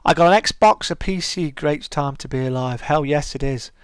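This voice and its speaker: A man's voice: fairly high pitch, normal speed, clean tone, dry recording. A British man hosting a live stream, chatting casually and answering viewers' comments. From United Kingdom.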